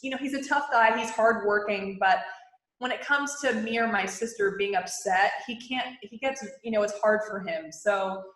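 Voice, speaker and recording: A woman's voice: mid-range voice, normal speed, fairly bright tone, echoey room. A woman talking casually as a podcast guest, chatty and full of fillers like "like" and "you know". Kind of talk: casual interview talk.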